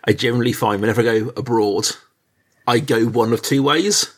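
A man's voice: medium pitch, a little fast. A man from England with a mixed British accent, a podcast guest joking in a dry, self-deprecating way. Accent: British, mixed regional. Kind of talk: casual podcast chat.

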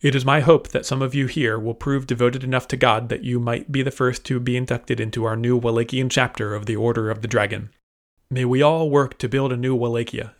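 A man's voice: medium pitch, natural voice. A man voicing a nobleman who gives a formal, pious speech to a crowd in an audio serial story. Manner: formal, declaiming. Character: male nobleman giving a pious public speech.

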